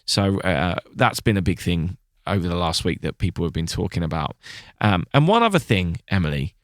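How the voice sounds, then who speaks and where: A man's voice: sits low, sing-song, brisk, no echo. Male podcast co-host, casual and talkative, dry sound. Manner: chatty, restarts a lot, laughs easily. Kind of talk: casual chat.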